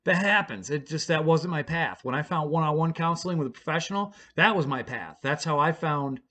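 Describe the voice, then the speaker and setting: A man's voice: on the high side, expressive, a little fast, sharp tone. A man casually telling his own story in a blunt, profane, rambling way, with frequent restarts.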